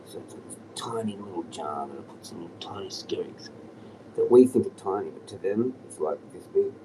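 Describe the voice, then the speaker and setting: Brief: low, lively-pitched man, rambling and chuckling stream chat, whispery asides, far from the mic with outdoor noise. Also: fairly quick. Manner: loose and chuckling, often dropping to a whisper. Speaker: livestreamer.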